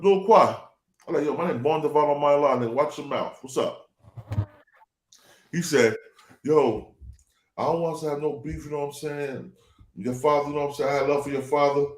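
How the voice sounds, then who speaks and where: With a slightly high voice and a roomy sound, this New Jersey man hosts a casual talk show. He animatedly spins a long story, performing the quoted voices of its characters.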